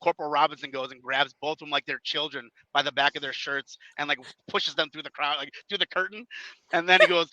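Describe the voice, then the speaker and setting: A man telling animated stories in a casual podcast chat, acting out quotes and laughing often. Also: a little high, a little fast, dry recording, lo-fi sound. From Chicago area. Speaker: guest wrestler.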